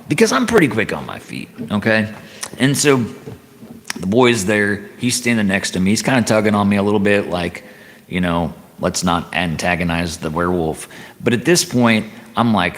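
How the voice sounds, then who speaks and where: A man on a livestream telling a rambling story, halting and repeating himself with chatty asides. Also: lowish voice, sing-song, big-room sound.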